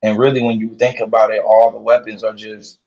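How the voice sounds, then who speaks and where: Low husky guy hosting a chat, agreeable, thinks out loud, dull muffled audio. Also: little pitch movement, a little fast. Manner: agreeable, thinking aloud with restarts. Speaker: host. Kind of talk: casual conversation.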